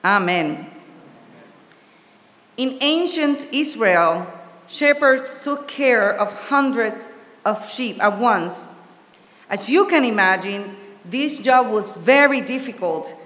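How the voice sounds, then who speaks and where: Woman pastor, preaching real slow, kinda high voice, long church-hall reverb. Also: lively intonation, fairly bright tone. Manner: slow, earnest, with small restarts. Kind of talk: sermon and prayer. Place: church sanctuary.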